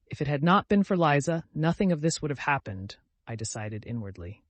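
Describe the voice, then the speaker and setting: A man narrating a classic story in steady, scripted audiobook reading. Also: on the high side, a little fast, no echo.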